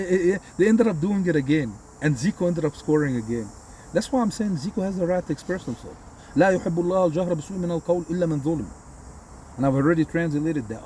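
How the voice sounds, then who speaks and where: A man's voice: on the high side, dark tone, slight background noise. A man from Egypt, a sports vlogger, delivering a heated, combative and profane post-game rant.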